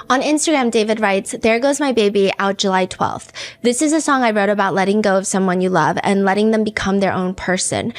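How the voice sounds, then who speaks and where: A woman hosting a podcast, telling a true-crime story in a casual, chatty way, often saying "like" and "you know" and reading out quotes. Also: medium pitch. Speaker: podcast host.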